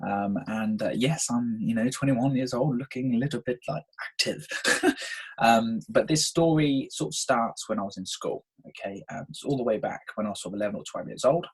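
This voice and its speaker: A man in his 20s casually tells a personal story on his podcast, chatty and full of "um," often checking in with "okay?". His medium-pitched voice is slightly rough at a normal speed, and the audio is poor.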